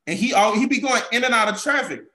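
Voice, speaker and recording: Animated, blunt New man. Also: very high-pitched, quick pace. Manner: animated storytelling, blunt and profane. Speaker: podcast guest. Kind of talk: casual chat. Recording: roomy echo.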